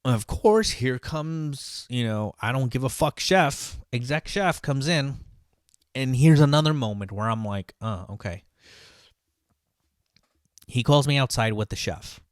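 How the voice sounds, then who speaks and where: A man's voice: mid-range voice, a little slow, clean tone, no room sound, clean studio sound. A man who works as a line cook, telling a story in a casual, profane, venting way.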